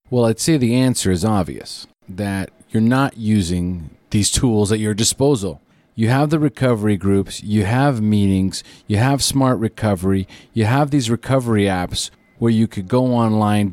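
A man's voice: fairly low pitch, darkish tone, no echo, studio quality. A man speaking earnestly about addiction recovery, firing off rhetorical questions and acting out short quoted exchanges. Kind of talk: earnest motivational talk.

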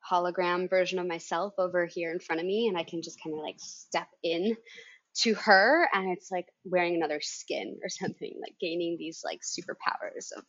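Low husky woman coaching, dull dry sound. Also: steady tone, moderate pace, a bit bright, no echo. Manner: encouraging, coaching, expansive explanations. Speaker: founder coach, podcast co-host. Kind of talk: casual podcast chat.

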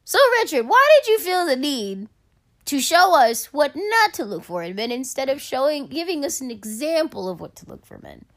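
A young woman with a high voice tells stories on a casual podcast. She swears freely and delivers every line with a lot of drama. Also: normal speed. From Caribbean family. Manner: animated, profane, dramatic storytelling. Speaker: podcast co-host. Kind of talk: casual storytelling chat.

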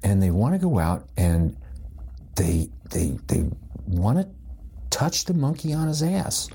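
A deep-voiced older man spins a rambling, amused personal story, full of restarts and fillers. His husky tone is dark and mellow, and his pitch leaps up and down as he tells it. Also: unhurried. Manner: amused, lively retelling. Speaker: psychologist.

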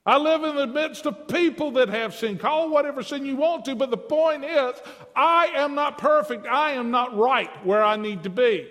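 A man's voice: very high voice, normal speed, fairly bright tone, in a large hall. A man preaching a sermon with passion, his delivery rising and dropping, repeating phrases for emphasis.

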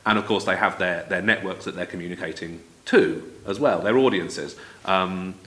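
Man cohost, really low voice but bright and forceful, kinda rambly questions. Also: normal speed. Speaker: co-host. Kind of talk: podcast conversation.

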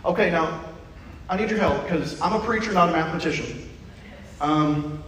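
A man preaching a sermon in a church, playful and animated, acting out little asides. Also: sits high, a little fast, long pauses, slight background noise. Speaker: pastor. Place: church sanctuary. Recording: echoey hall, mic from a distance.

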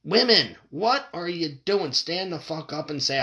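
A man's voice: fairly high pitch, lively intonation, measured pace, creaky, sharp tone. Laughing, foul-mouthed middle-aged man. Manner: laughs often, profane, restarts sentences. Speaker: podcast host. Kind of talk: casual podcast rant.

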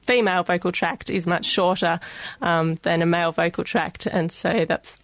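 A woman's voice: on the low side, steady tone, normal speed, no room sound. A woman with an Australian accent, a guest on a radio science show, explaining carefully with many ums. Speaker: guest linguist.

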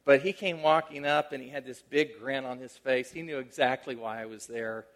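In a mid-range voice at normal speed, a middle-aged male pastor weaves a personal story into his sermon. His tone is conversational, rising to animated emphasis and falling to tender quiet.

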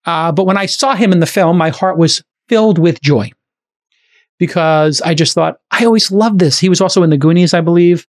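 A middle-aged man hosting a podcast in casual chat, talking quickly and enthusiastically with many "like" fillers. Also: fairly high pitch. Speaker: podcast host.

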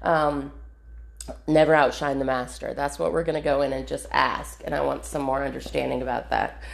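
A woman's voice: very deep voice, little pitch movement, brisk, creaky. Chatty woman in an echoey room. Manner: chatty, rambling, laughs often, many fillers. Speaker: spiritual practice vlogger. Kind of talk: casual spoken meditation walkthrough.

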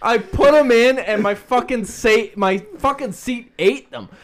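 A man's voice: extremely high pitch, unhurried. A young man telling stories in casual chat, swearing constantly and acting out the people in them. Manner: swears constantly, animated storytelling.

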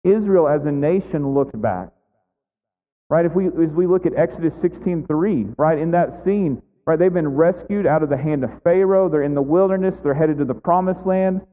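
A man's voice: on the high side, normal speed. A man preaching a conversational sermon as a pastor, full of casual fillers. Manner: conversational, many "like" and "right" fillers. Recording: echoey hall, tinny phone-like sound.

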